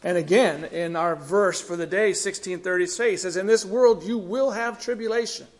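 A man's voice: high-pitched, normal speed. A middle-aged man preaching a sermon, reading scripture and explaining it with earnest emphasis. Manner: earnest, rising emphasis then quiet falls.

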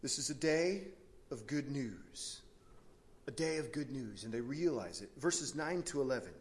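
Man, preacher, sermon, high voice, animated storytelling, self-interrupting. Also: unhurried.

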